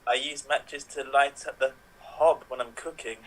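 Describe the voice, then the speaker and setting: A man's voice: mid-range voice, level tone, moderate pace, a little hiss or hum, lightly acted, low-quality recording. A man voicing an ordinary character, teasing and matter-of-fact.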